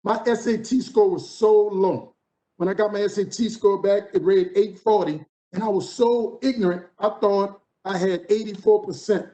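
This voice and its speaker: A man's voice: high-pitched, normal speed, mellow. A man in his fifties from New Orleans with a New Orleans accent, giving a motivational keynote with rhythmic, preacher-like repetition. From New Orleans, USA. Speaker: conference keynote speaker. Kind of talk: motivational speech.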